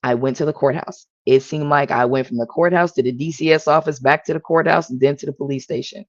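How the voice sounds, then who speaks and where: As a panel guest, a woman gives personal testimony, telling her own story earnestly and with emotion. Her voice is low with fairly even intonation and she speaks fast; the audio is dull and lo-fi, with no echo.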